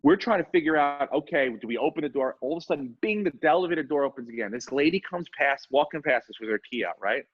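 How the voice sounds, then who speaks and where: Man, podcast co-host, casual storytelling, swearing, acts out voices, lively pitch, dry dull lo-fi call audio. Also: fast talker, hardly any pauses, husky, no echo. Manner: animated, swearing, acts out voices in his stories. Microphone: remote call mic.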